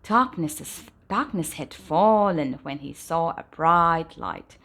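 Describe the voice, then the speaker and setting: Woman reading a picture book at bedtime, lively intonation that sinks softly at sentence ends. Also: deep voice, slow. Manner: animated storytelling, dropping softly at sentence ends. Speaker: storybook reader. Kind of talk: bedtime storybook read-aloud.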